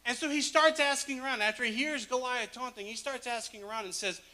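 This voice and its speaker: A man's voice: very high-pitched, fast talker, hardly any pauses, bright, forceful tone. A man preaching a sermon, retelling a Bible story casually with humor and laughs. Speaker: pastor.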